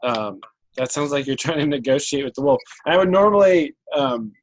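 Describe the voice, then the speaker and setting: Guy gm-ing a tabletop game, lots of ums, middle pitch. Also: animated, rough recording. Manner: halting, thinks aloud with many ums. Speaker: game master.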